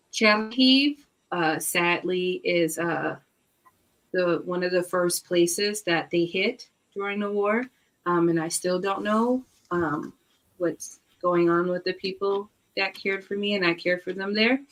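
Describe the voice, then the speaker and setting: A woman with a slightly low voice tells stories in a relaxed chat. She talks in an animated way, with lots of fillers and laughs along the way. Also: takes it slowly. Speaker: book club guest. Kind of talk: casual chat.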